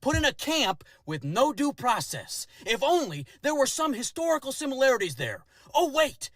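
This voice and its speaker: High-pitched indignant young man. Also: very animated, normal speed, a bit bright, dry recording, studio quality. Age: young adult. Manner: indignant, swearing, sneering sarcasm. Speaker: social media ranter. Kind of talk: angry video rant.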